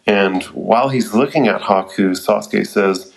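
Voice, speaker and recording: A man with a lowish voice gives a casual recap of an anime episode, full of fillers and excited asides. He swears freely and keeps the tone loose and chatty. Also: measured pace, gravelly, low-quality recording.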